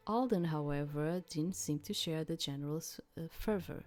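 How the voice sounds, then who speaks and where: A woman's voice: low voice, moderate pace, few pauses, darkish tone. A woman reading a visual novel aloud and thinking through her choices in hesitant asides. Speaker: game player.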